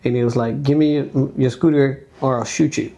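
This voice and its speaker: Gravelly man telling a story. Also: medium pitch, a little fast. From United States. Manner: animated storyteller, acts out quoted speech, loose filler-heavy phrasing. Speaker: dancer guest. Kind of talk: storytelling in a podcast conversation.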